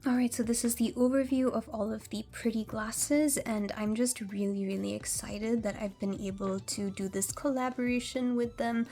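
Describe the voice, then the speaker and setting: A woman's voice: on the high side, steady tone, normal speed, hardly any pauses, dark tone. A woman vlogger chatting casually through a product review, gushing and full of fillers. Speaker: beauty vlogger.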